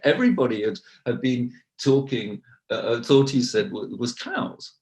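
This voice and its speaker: A man's voice: mid-range voice, big pitch swings, normal speed, creaky, darkish tone. A man, a university researcher, speaking as a podcast guest and telling stories with many asides and restarts. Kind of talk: casual interview, storytelling.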